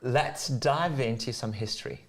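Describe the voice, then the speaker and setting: A man's voice: medium pitch, unhurried. A man who works as a surf coach, talking bluntly and frankly on a live stream through a lapel mic. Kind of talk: casual live-stream chat.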